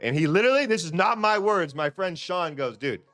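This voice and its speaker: Smooth-voiced, laid-back male stream host. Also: sits high, expressive, brisk, fairly bright tone, no room sound, faint music behind. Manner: loose and chatty, repeats phrases, stumbles and restarts. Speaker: livestream trading host. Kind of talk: casual live-stream chat.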